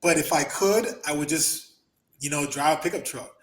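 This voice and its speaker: A man hosting a casual podcast chat, an animated storyteller who swears freely and laughs often. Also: on the high side, normal speed, roomy sound. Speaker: podcast host, former wrestler.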